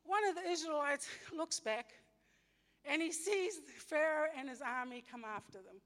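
A woman's voice: high voice, normal speed, a bit bright. A woman teaching a Bible story in informal sermon style, chatty, with everyday slang and frequent self-corrections. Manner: chatty, many fillers and restarts, retells scripture in everyday slang. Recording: long hall reverb.

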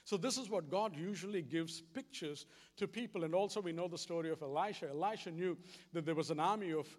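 High-voiced man preaching in a hall. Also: fairly quick. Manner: animated storytelling, acting out dialogue. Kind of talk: sermon. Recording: long hall reverb.

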